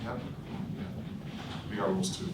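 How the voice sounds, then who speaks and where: A man giving blunt, animated sales coaching to his team, acting out phone calls as he tells stories. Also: normal speed. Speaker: insurance sales trainer. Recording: roomy echo, distant mic, background noise.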